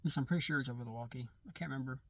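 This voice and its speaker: A man recounting a personal testimony in casual first-person storytelling, halting and often restarting or correcting himself mid-sentence. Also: medium pitch, recorded from a distance, slight background noise.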